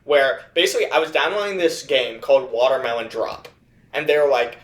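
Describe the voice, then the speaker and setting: A man co-hosting a comedy podcast, pitching stand-up bits in casual, profane, punchy chat. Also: lively intonation, fairly quick. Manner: profane, brash, punchy joke delivery.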